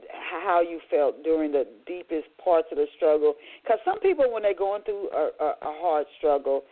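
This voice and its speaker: A man hosting a radio interview, asking long, rambling questions full of restarts, heard over a phone line. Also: fairly high pitch. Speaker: radio show host.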